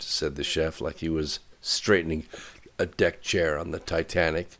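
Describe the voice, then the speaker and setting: Male audiobook narrator, low voice, steady even read. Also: measured pace. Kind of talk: scripted narration.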